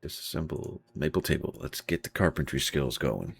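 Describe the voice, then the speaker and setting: A man's voice: a bass voice, expressive, a little slow, creaky, a little hiss or hum. A man streaming a game live, muttering through his looting and reacting to chat in casual commentary.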